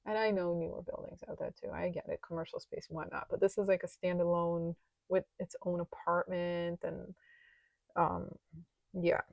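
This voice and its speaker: A woman's voice: on the low side, level tone, moderate pace, gravelly, dry recording, muffled recording. A woman vlogger chatting casually while counting cash into budget envelopes aloud, sometimes dropping to a near-whisper.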